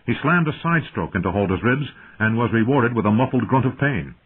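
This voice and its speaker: A man giving measured scripted narration of an audiobook, heard through tinny phone-like audio. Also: mid-range voice, expressive, slightly rough.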